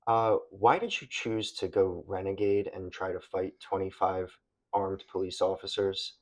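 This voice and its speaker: A man interviewing his wife about her arrest, with measured, calm questions. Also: low-pitched. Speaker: husband and interviewer. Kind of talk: conversational interview.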